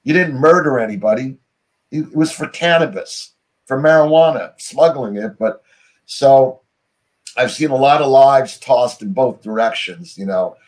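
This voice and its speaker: A man's voice: mid-range voice, unhurried. Rambling American man telling stories. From United States. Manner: rambling, full of "you know" and restarts. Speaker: guest. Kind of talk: casual interview storytelling.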